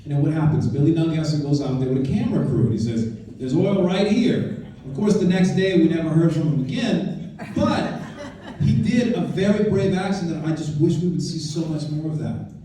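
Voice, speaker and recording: The guest speaker at this political club event talks a little fast in a dark-toned voice on the high side. His informal speech is conversational and emphatic, full of restarted sentences, and he's heard from afar in a very echoey meeting room.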